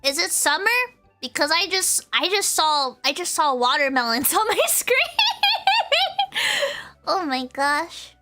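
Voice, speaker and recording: Bright, lively young woman streamer with a giggly, animated voice. Faint music plays behind her. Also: high-pitched, measured pace. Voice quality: giggly, bubbly. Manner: animated, playful, often breaking into laughter. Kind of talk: casual chat reading viewer comments.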